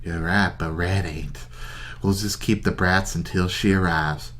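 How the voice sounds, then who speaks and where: A man's voice: deep voice, steady tone, unhurried, a bit bright. A man voicing a brutish, menacing male bandit leader in a put-on Kentucky accent, with a gloating drawl. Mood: gloating menace.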